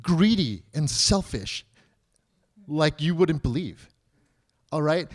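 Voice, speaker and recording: A man in his thirties delivers a sermon in a talky, conversational way. His voice sits a little high, and he keeps asking the room questions and mimicking pleading voices. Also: expressive, slow pace, pauses often. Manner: conversational preaching with rhetorical questions; acts out children's and believers' pleas in a higher voice. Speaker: pastor.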